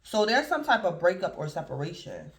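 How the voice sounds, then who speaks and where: This man's high voice swings widely in pitch and moves briskly. Reading tarot casually and rambling, he addresses his audience as "collective" again and again, in a recording with roomy echo.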